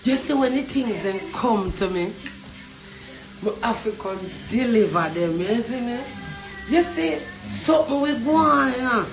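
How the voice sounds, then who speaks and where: A woman's voice: fairly high pitch, expressive, a little slow. A Jamaican woman ranting in patois, mocking and boisterous, chanting and singing her taunts. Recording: echoey room with loud music behind.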